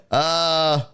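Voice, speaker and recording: A sports show host from Houston, Texas runs a livestream, chatting loosely and reading the chat while swearing freely and using many fillers. His voice is fairly high-pitched, pushed and bright, with a clean tone.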